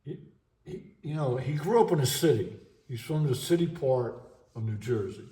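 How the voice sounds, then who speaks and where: Middle-aged male vlogger, halting and emotional delivery, mellow tone, recorded in an echoey room at home. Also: medium pitch, lively intonation. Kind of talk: unscripted monologue vlog.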